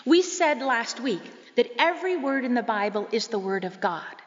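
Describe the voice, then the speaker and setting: A woman pastor delivering a sermon in an emphatic, measured way, asking the congregation rhetorical questions. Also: fairly high pitch, sing-song. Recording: muffled, echoey sanctuary recording.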